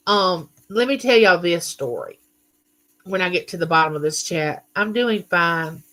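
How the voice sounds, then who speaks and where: A woman's voice: on the low side, animated, measured pace, a bit bright. A middle-aged woman hosting a live chat, greeting viewers and reading their comments aloud. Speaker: livestream host.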